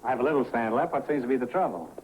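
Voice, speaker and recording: A man in an old comedy film clip, firing off rapid deadpan insults and wisecracks. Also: medium pitch, a little hiss or hum, lightly acted, rough recording. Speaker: wisecracking hotel manager in a film.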